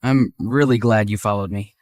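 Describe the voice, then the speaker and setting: A gentle teenage boy from an animated story, warming into confidence, as a woman voices him. The voice sits very low and earnest. The sound is dry and close. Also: normal speed, dry recording. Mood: tender.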